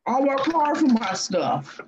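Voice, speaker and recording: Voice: high-pitched, sing-song, unhurried. Laid-back host talking, muffled lo-fi sound. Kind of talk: casual chat. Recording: dull lo-fi sound, faint noise.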